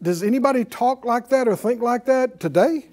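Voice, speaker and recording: A man teaching a Bible class in a preaching style, folksy and animated, chuckling often and leading the class in call-and-response. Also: extremely high pitch, moderate pace.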